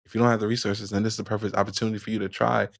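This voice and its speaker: Fast-talking man giving advice. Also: lowish voice, level tone, creaky, no room sound, studio quality. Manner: quick, rambling, many fillers and restarts. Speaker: podcast guest, video marketer. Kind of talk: casual chat giving advice.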